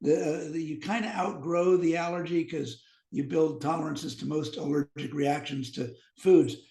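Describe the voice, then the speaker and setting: A man's voice: a little high, normal speed, creaky. A man in his fifties, a physician guest on a podcast, telling medical anecdotes and acting out the dialogue. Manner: animated anecdotes, acts out quoted dialogue. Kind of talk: storytelling in a podcast interview. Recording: echoey room.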